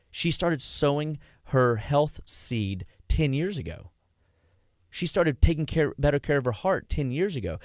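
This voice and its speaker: Guy on a radio health show, lively storyteller, dry studio sound. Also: medium pitch, no room sound. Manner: animated storyteller, acts out quotes. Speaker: chiropractic health guest on radio. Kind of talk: casual radio health talk.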